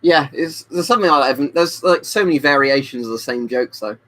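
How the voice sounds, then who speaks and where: A man's voice: a little high, fairly quick, sharp tone, poor audio. A man chatting on a live webcam stream, tipsy from drinking, rambling and reading out viewer comments. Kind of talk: casual live-stream chat. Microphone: webcam mic.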